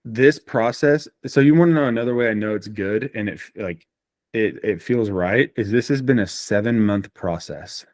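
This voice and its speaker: A man talking in a relaxed podcast chat. His voice sits low and is recorded dry and close. He tells stories with animation and fills his speech with "like" and "you know.". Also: moderate pace, dry recording. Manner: animated storyteller, frequent fillers. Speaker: guest. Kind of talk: casual podcast conversation.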